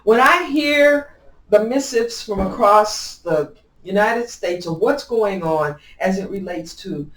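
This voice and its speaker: Middle-aged woman, emphatic interview guest, mid-pitched voice, roomy distant sound. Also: takes it slowly. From Illinois. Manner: emphatic and upbeat, with lively swings in pitch and loudness and frequent restarts. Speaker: county clerk, interview guest. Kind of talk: conversational interview answers. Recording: echoey room, mic at a distance.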